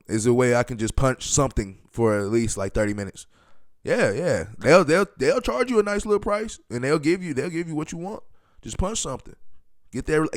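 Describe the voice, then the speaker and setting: A man hosting a solo podcast, talking loosely and emphatically, with many fillers and sudden bursts of excitement. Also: mid-range voice, dry recording, clean studio sound. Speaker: podcast host.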